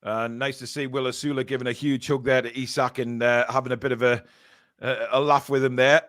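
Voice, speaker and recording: A man commentating live on a football match as a fan and co-host, excitable and blunt, sometimes swearing. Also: mid-range voice, fairly quick.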